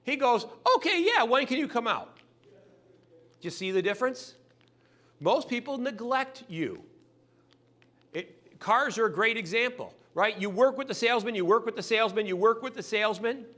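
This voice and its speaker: A man giving a sales training talk, animated and acting out customers' lines in quick voices. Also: sits high.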